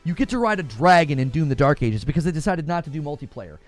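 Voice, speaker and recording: On a gaming news livestream, a man with a fairly high, expressive voice talks fast over faint background music. He argues his points with fiery, preacher-like emphasis and reads viewer comments aloud.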